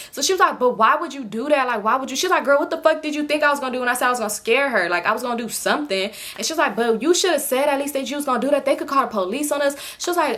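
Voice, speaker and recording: A young woman telling a storytime tale in casual slangy chat, acting out her friends' lines with lively voice changes. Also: sits high, rapid-fire, few pauses. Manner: animated, acts out quoted friends in raised voices. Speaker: storytime vlogger.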